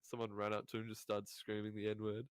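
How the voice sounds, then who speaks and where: A man's voice: on the low side, completely flat delivery, fast, smooth, dry recording. A man as a guest on a podcast, in laid-back casual chat with casual swearing.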